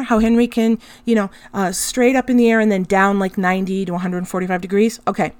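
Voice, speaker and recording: A woman's voice: on the high side, dry recording. A middle-aged woman hosting a podcast, telling a personal story in a candid, emotional way and swearing freely. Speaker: podcast host.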